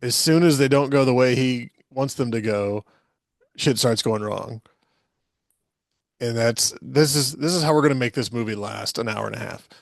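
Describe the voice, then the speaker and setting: A man's voice: medium pitch, moderate pace, vocal fry, no room sound. Male podcast co-host, loose and jokey, laughs a lot, mid-range voice, dry close sound. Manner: loose, joking, laughs often. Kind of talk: casual chat.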